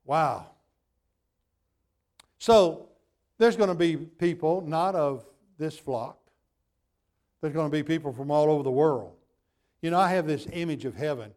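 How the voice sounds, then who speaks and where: A man's voice: on the high side, unhurried, pauses often, a little mellow. A man preaching a sermon as pastor, building his points through emphatic repetition.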